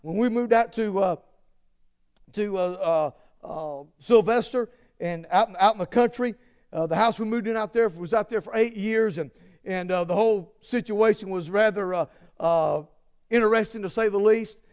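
A man preaching a sermon and telling personal stories, halting with many fillers and restarts, then rising to emphatic peaks. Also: high-pitched, a little mellow, smooth. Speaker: pastor.

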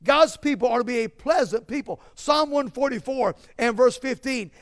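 A man preaching a sermon, with many restarts and a repeated cadence that climbs to shouted emphasis. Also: extremely high pitch, normal speed. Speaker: pastor.

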